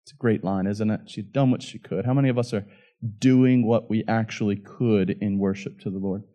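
A man's voice: lowish voice, fairly even intonation, moderate pace, dark tone, highs cut off. A man preaching a sermon as pastor, reading scripture with rising passion and emphatic peaks.

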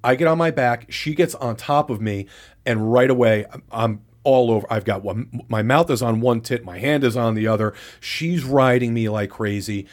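A man at an ordinary, mid-range pitch co-hosts a podcast. He recounts a story in candid, blow-by-blow detail and swears freely. He keeps to the loose, chatty rhythm of casual conversation. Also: normal speed. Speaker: podcast co-host.

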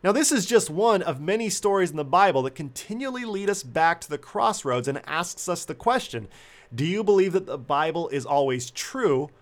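Man, high voice, preacher, dramatic storytelling sermon, emphatic. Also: expressive, normal speed.

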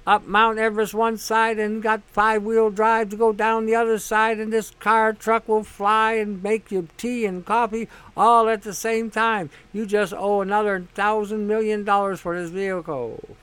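A man hosts a casual monologue in a high, smooth, clear voice. He talks bluntly, swears freely and leans on sarcasm. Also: flat delivery, normal speed, few pauses, fairly bright tone. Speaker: host.

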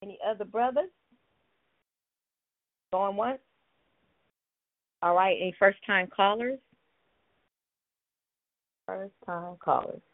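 A woman's voice: mid-range voice, slow, pauses often, no room sound. Woman hosting a call-in over the phone. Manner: warm, playful, laughs often and breaks into song. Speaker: host of a call-in prayer line. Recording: phone line, dry.

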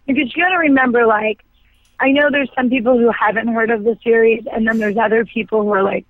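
A woman's voice: a little high, fairly even intonation, quick pace. A woman actor chatting as a guest, rambling with lots of fillers. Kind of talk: casual interview chat. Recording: tinny dry phone line.

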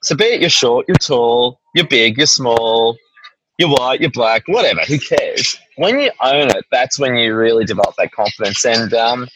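A man's voice: medium pitch, animated, moderate pace, fairly bright tone, dull audio, slight background noise. An Australian man chatting as an interview guest, rambling and often tagging his points with "right?". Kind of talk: casual interview chat.

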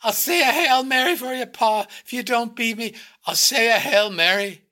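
Man doing scared little kid, whimpery, way up high, bright. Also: normal speed. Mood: terrified. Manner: whimpering, pleading. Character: frightened little Dublin boy.

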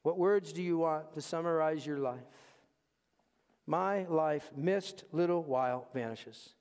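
A man preaching a sermon as pastor in a church, emphatic and fond of repeating key phrases, moving between quiet asides and raised, pointed lines. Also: a little high, measured pace, clean tone. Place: church sanctuary. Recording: long reverb of a large hall.

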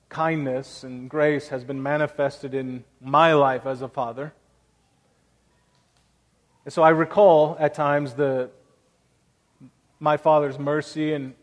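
A man's voice: fairly high pitch, in a large hall. A man in his thirties preaching a sermon as pastor, earnest and conversational, telling personal stories.

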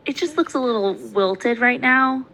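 A young woman co-hosts a casual podcast with a bright, crisp voice. She is chatty and upbeat and laughs easily. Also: fairly high pitch, unhurried, poor audio. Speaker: podcast co-host.

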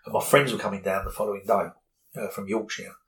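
A man's voice: fairly low pitch, steady tone, quick pace, a bit bright, rough recording. A middle-aged man, candidly telling a personal story in an interview, rambling with many fillers.

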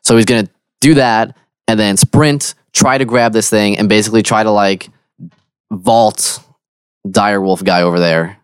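A man's voice: on the low side, fairly even intonation, normal speed, smooth, no room sound, studio quality. A man playing a tabletop game, thinking aloud and second-guessing his own choices. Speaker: player. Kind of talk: casual tabletop game play.

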